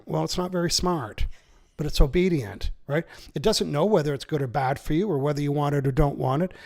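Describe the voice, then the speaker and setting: A man with a somewhat high, gravelly voice, talking as an author and seminar trainer. He explains his ideas energetically and persuasively. He slips into little acted-out quotes along the way. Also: fairly quick, darkish tone. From Canada. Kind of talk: enthusiastic interview explanation.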